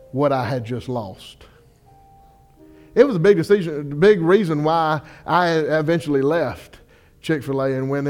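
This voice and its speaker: A young man, a pastor delivering a sermon in a folksy storytelling way, acting out the people he quotes. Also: mid-range voice. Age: young adult.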